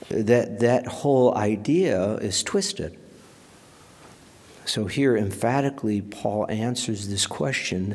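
A man's voice: fairly low pitch, expressive, takes it slowly, darkish tone. A man preaching a sermon as pastor, emphatic, dropping to a whisper for quoted lines.

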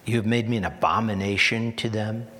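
A man preaching a sermon in an earnest, repetitive style, building to emphatic peaks and dropping to soft asides. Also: lowish voice, fairly even intonation, fairly quick, long reverb tail. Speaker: pastor.

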